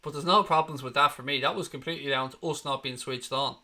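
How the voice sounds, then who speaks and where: A football fan channel host, speaking quickly in a mid-range voice with a steady, sharp tone, guides viewers through a live watchalong. He reacts bluntly to the match and swears freely throughout.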